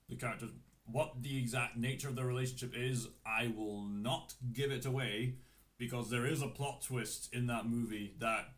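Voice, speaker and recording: A man with a Scottish accent chatting casually on a livestream as he ranks animated films. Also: medium pitch. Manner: unhurried, chatty, with lively rises and falls. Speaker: streamer ranking animated films.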